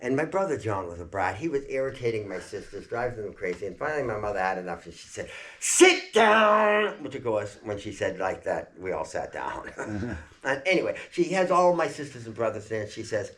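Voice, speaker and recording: An older man telling a family story in a chatty, animated way, laughing along as he goes. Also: lowish voice, a little fast.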